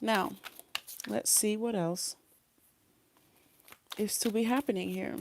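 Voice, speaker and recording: A woman's voice: medium pitch, fairly even intonation, slow pace, gravelly, noisy background. Chatty woman giving a tarot reading. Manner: rambling, giggly, full of fillers and restarts. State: talking around a sore wisdom tooth. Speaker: tarot reader. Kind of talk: casual spiritual reading monologue.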